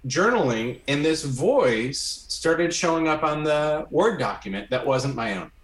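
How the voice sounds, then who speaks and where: A man telling a personal story during a conversation, animated and often checking in with "right?". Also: medium pitch. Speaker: guest. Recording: roomy echo.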